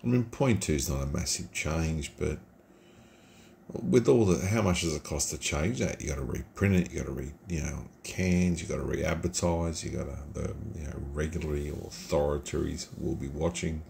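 A middle-aged man from Australia rambles through a casual beer review in his home computer room. His voice sits very low and carries a gravelly edge. He speaks slowly, and a faint hiss runs under the recording. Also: warm tone. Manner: rambling, chatty and informal.

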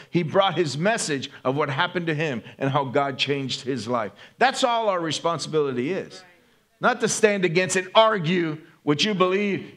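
A man preaching a sermon with a voice that sits a little higher than most men's. He talks to his listeners rather than at them, and he often tags his points with a quick "right?" His delivery stays easygoing and personal. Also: fairly bright tone. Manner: conversational, often asks "right?" of the congregation. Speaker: pastor.

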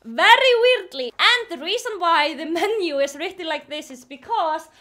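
A young woman with an Icelandic accent, vlogging indoors and chatting excitedly, giggling and baby-talking to her pets. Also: very high voice, moderate pace. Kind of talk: casual vlog narration. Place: indoors at her mother's house.

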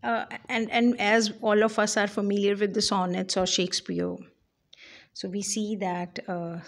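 A woman lectures on poetry at an unhurried pace. She talks deliberately, with frequent fillers and self-corrections. Her voice sits at a middling pitch. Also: flat delivery. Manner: slow, deliberate, with many fillers and restarts. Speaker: English literature lecturer.

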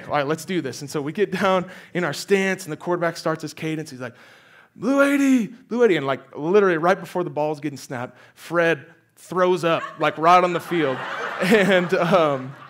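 Slightly high in pitch, this young guest preacher is recorded with a little hiss or hum. His personal story comes out loose and lively, packed with fillers and false starts.

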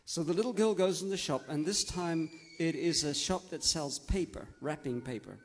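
A man tells a story to a group of children, gentle and coaxing, checking in with them as he goes. His voice sits a little high. It carries a long echo through a large hall. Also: normal speed.

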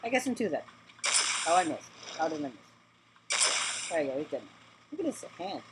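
A woman with a somewhat low voice narrates her gameplay in a loose, chatty way. She repeats words and talks straight to the enemies on screen, and a clear layer of noise sits under her voice in the recording. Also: big pitch swings, normal speed. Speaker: gaming channel host. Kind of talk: let's play commentary.

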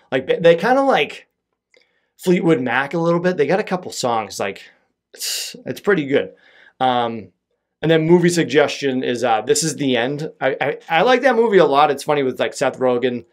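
Rambling, profane solo podcast host, a man. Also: mid-range voice. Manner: rambling, profane, self-deprecating.

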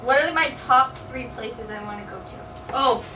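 A young woman in a casual quiz with her friend, playful, with quick joking asides. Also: fairly high pitch. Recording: echoey room, mic at a distance, noisy.

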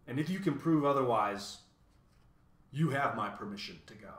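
A man voicing a pompous male math wizard who thunders loudly and turns to ominous hushes, in an echoey room. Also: mid-range voice, animated, normal speed, natural voice. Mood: booming. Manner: thunders loudly, then drops to ominous hush.

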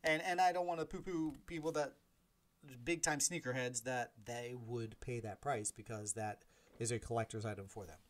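A man's voice: medium pitch, moderate pace. Chatty man in his forties telling a story. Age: 40s. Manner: animated, acts out quoted dialogue, self-deprecating asides. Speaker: podcast host. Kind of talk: casual storytelling monologue.

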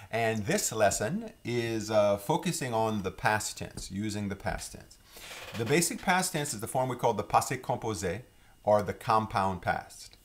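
Middle-aged Cajun man, lowish voice, casual rambling teacher. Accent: Louisiana Cajun. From Louisiana, Lafourche Parish. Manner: relaxed, rambling, with many fillers and restarts. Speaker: French teacher. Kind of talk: casual online lesson.

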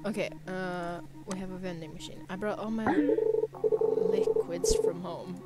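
A woman's voice: on the low side, steady tone, a little slow. A young woman casually commenting as she plays a game, playful and mischievous, often trailing off mid-sentence. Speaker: gamer. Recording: loud game music behind. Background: game music.

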